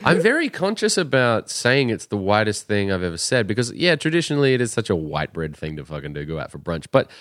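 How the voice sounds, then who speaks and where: A man's voice: fairly low pitch, fast, few pauses, no room sound, studio quality. A man, a stand-up comedian, chatting on a podcast, laughing and swearing as he tells stories. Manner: laughing, swearing, animated storytelling. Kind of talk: casual podcast chat.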